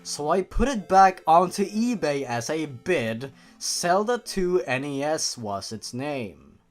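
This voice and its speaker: A man reads a creepypasta aloud in a deadpan voice, then cuts in with sarcastic jokes. His pitch swings widely as he goes. Faint music plays softly underneath. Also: takes it slowly. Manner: deadpan reading broken by sarcastic asides. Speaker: YouTube narrator. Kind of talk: comedic story reading.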